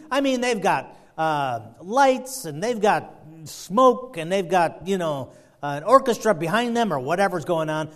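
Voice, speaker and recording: Man, preacher, sermon, folksy storyteller, fairly high pitch. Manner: folksy, storytelling, many fillers and restarts.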